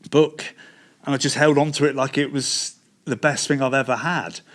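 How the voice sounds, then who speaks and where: A man from Devon in England, giving an earnest personal testimony, halting and restarting as he recalls events. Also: a little high, a bit bright. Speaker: testimony speaker.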